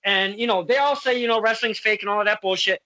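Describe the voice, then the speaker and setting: A woman hosting a casual interview. Her voice is bright and forceful, and she talks bluntly, swearing freely and circling back on her words. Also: mid-range voice, fast, poor audio. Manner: blunt, swears, passionate, many restarts. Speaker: interview host.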